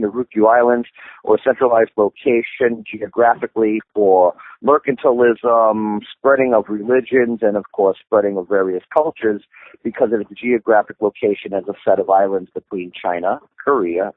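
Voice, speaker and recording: A man's voice: medium pitch, no room sound. A man, a martial arts instructor, explaining at length in an interview, with many restarts and fillers. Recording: tinny phone-line audio, dry.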